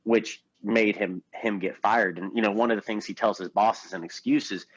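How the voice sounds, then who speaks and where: A man co-hosting a podcast, talking earnestly about a film in a casual, halting way. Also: lowish voice, fairly even intonation, dry recording, dull audio. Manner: earnest, many restarts. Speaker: podcast co-host.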